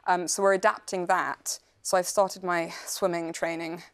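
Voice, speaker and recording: Animated actress talking about her work. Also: fairly low pitch, normal speed, clean tone. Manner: animated and thoughtful, frequent fillers. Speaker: actress guest. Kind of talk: casual chat show interview.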